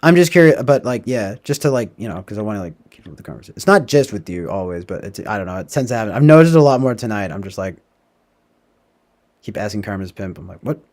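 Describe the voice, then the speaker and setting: A man's voice: fairly low pitch, lively intonation, fast talker, a little mellow. A man hosting a casual livestream, rambling and profane, tagging his thoughts with "like" and "right?". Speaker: livestream host. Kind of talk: casual livestream movie talk.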